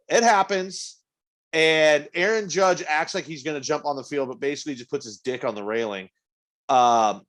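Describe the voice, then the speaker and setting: A man co-hosting a podcast in casual chat, telling a story with a lot of swearing and acted-out quotes. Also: a little high. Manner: profane, animated storytelling with quoted asides. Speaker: podcast co-host.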